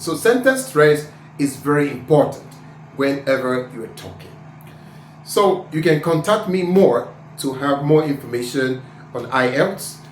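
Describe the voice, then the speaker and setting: A man's voice: fairly high pitch, reverberant, a little hiss or hum. A man with a Nigerian accent teaching IELTS speaking pronunciation, repeating sample words and spelling out letters.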